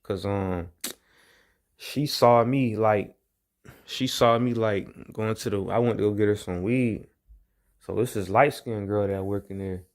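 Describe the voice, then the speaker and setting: A man's voice: fairly low pitch, unhurried. A young man casually telling a long personal story, rambling and profane, repeating his phrases as he goes. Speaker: vlogger.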